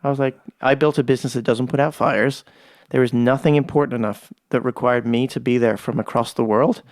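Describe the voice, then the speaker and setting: A man telling stories on a podcast, animated and playful, voicing the other people in his tales and swearing freely. His voice sits mid-range for a man. The sound is dry and close, with no room around it. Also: medium pitch, fairly quick, no room sound. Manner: lively storyteller, acts out quoted dialogue, swears casually. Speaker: podcast guest. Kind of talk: casual conversation. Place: ranch.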